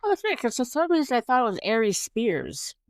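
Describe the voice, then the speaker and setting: A woman with a smooth, resonant voice co-hosts a podcast. She explains each point earnestly in casual chat. The sound is dry and close. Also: fairly high pitch, wildly swooping pitch, a little fast, no room sound. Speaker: podcast co-host.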